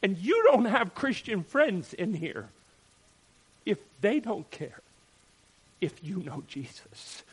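A man preaching a sermon, animated, firing off rhetorical questions and checking in with "right?". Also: sits high, slow pace, pauses often, slightly rough. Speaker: pastor.

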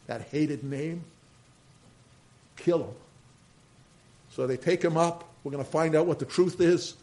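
Animated pastor preaching. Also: male voice, fairly high pitch, low-quality recording. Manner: animated preaching, swings between loud emphasis and quiet asides. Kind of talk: sermon.

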